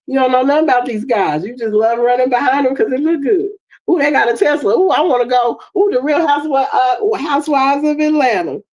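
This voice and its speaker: A woman in her fifties with an African American English accent, hosting a livestream and telling stories in an animated way, acting out the dialogue. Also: medium pitch. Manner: animated storytelling, acts out dialogue. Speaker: livestream host. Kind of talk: casual livestream monologue. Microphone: streaming setup mic.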